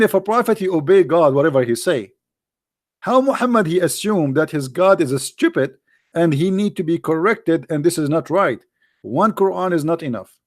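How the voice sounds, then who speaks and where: High-voiced sarcastic man. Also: darkish tone. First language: Arabic. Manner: sarcastic, emphatic rhetorical questions. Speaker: religious critic. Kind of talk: polemical monologue.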